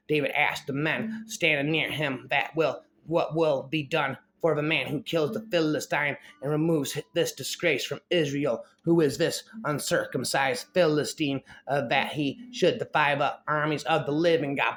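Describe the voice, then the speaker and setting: A man's voice: fairly high pitch, fairly even intonation, measured pace, hardly any pauses, a bit bright. A man reading a Bible story aloud with frequent stumbles, breaking into improvised scat rap fillers between passages.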